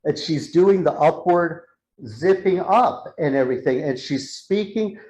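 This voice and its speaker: A man giving a live talk to an audience, telling an animated story and acting out the dialogue. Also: a little high, measured pace, poor audio. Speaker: speaker. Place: church hall with a live audience.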